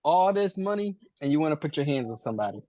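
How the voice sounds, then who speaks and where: A man's voice: fairly high pitch, sing-song, fast talker, dark tone, no room sound. A man co-hosting a casual sports podcast in a laid-back, joking way. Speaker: podcast co-host.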